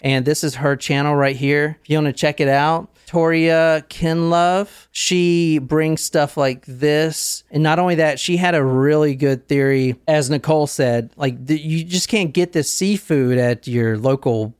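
A man's voice: on the high side, unhurried, few pauses, clean tone, dry recording, studio quality. A man hosting a casual true-crime podcast, rambling and conversational with many fillers, blunt when he argues a point. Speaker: podcast host.

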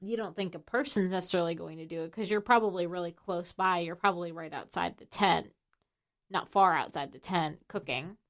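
A woman's voice: fairly low pitch, fairly quick. A woman co-hosting a casual chat who asks questions and gives frequent listening responses.

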